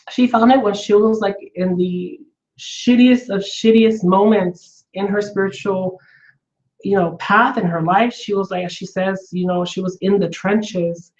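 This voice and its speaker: A woman vlogger telling a personal story in a casual, earnest way, rambling with frequent fillers and restarts. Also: lowish voice. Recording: slightly dull lo-fi recording.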